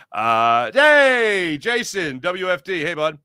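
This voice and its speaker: Male sports podcast host, somewhat high and very bright voice, energetic and rambling, jokey with chat, dry close sound. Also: slow pace, smooth, dry recording. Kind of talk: live postgame chat reading viewer comments.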